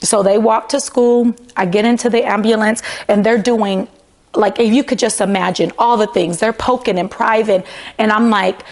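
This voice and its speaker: A woman in her thirties speaks as a guest on an interview show. Her voice sits in a middle pitch range. She tells a personal story in a loose, conversational way, using "like" often and acting out the words she once said. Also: fairly even intonation, normal speed, darkish tone. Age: 30s. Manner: conversational, frequent "like" fillers, quotes her own past words.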